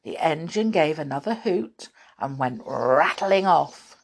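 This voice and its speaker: A woman reading a children's storybook aloud, unhurried, breaking off for chatty asides to her listeners. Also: low-pitched, expressive, breathy edge.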